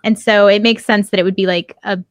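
A woman's voice: mid-range voice, steady tone, a little fast, dry recording. A woman co-hosting a podcast in casual chat, teasing and laughing often. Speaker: podcast co-host.

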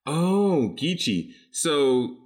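A man's voice: fairly high pitch, sing-song, very slow, a little mellow. A man from South Carolina, a podcast guest, talking casually and rambling, with frequent laughs. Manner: laid-back, rambling, laughs often.

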